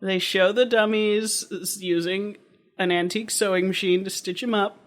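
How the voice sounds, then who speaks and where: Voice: medium pitch, fairly even intonation, normal speed. A podcast co-host in casual conversation, detailed and nitpicky, laughing often. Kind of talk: casual chat.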